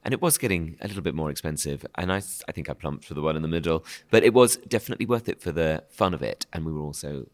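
A man's voice: a bass voice, lively intonation, fast talker, hardly any pauses. A man in his forties with a posh English accent, from Southeast London, chatting as a podcast guest and telling self-mocking stories. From Southeast London, England. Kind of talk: casual chat.

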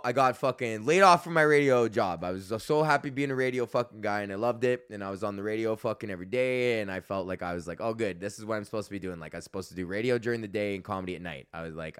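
A comedian and podcast host rants through a story with a steady mid-range voice, swearing freely as he goes. He is loose and animated, and he slips into other people's voices to act out his anecdotes. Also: medium pitch, clean tone. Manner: animated, profane, acts out voices in his stories. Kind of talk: casual storytelling rant.

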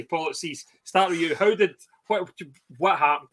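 A man's voice: a little high, moderate pace, fairly bright tone. A Scottish man hosting a casual football podcast over a video call, blunt and jokey. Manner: jokey, laughs often, blunt. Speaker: podcast host.

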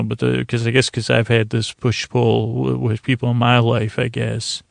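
Man, sleep podcast host, gravelly voice, monotone, halting and rambling. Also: mid-range voice, dry recording. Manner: meandering, hesitant, many restarts and fillers. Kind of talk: rambling recap of a TV episode.

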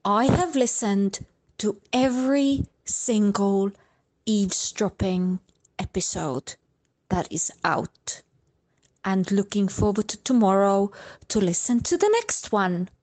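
Woman from the Netherlands, listener voice message, excited and slow-paced. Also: medium pitch. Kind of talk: recorded voice message.

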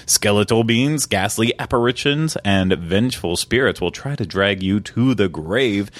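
A relaxed podcast co-host with a fairly low voice, trading jokes with a friend. He reads promotional text slowly and carefully between bursts of laughter. The sound is close and dry, with no room around it. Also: no echo. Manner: jokey, laughs often, reads slowly and deliberately. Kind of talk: casual chat, reading promo copy aloud.

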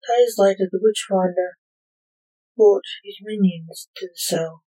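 A woman reading a short story aloud as a podcast host, in a measured way. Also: mid-range voice, mellow, poor audio.

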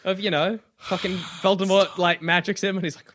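A man's voice: high-pitched, little pitch movement, brisk, a bit bright. A man co-hosting a podcast in casual chat, laughing often, swearing and acting out quoted lines. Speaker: podcast co-host.

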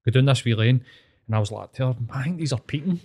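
A man's voice: mid-range voice, animated, fast talker, darkish tone. A man with a Glaswegian accent telling a long personal story in casual podcast chat, rambling and sweary but earnest. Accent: Scottish, Glaswegian.

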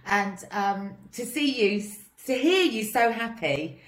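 Brief: female host, slightly high voice, heartfelt chatty delivery, roomy echo. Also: animated, slow pace. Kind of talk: interview chat.

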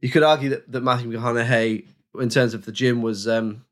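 A man's voice: mid-range voice, fairly even intonation, fairly quick. Rambling, laughing man podcast host. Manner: rambling, laughing, full of restarts. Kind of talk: casual film chat.

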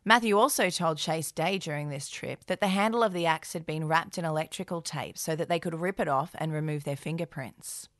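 A woman's voice: low-pitched, a little fast, hardly any pauses, no echo. A woman co-hosting a true crime podcast, reading narration and adding dry, sardonic asides. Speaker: podcast co-host.

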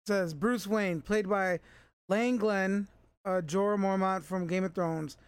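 A man with a high, clear, smooth voice talks in a loose, rambling podcast style, cursing as he goes. He is close to a dry mic with no room sound. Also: steady tone, unhurried, no echo. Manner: laid-back, rambling, swears freely. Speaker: podcast co-host reviewing a TV episode. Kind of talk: casual chat.

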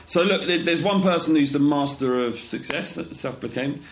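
A man's voice: on the high side, normal speed, a little hiss or hum. A man giving firm opinions on football in a casual podcast chat. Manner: opinionated, argues his point firmly. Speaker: podcast co-host.

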